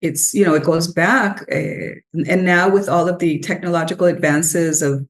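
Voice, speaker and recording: Middle-aged woman, lowish voice, chatty scholar guest, meandering with fillers. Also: steady tone, moderate pace, low-quality recording. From Puerto Rico. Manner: rambling, warm storytelling with many fillers, switching into Spanish. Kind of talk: conversational interview.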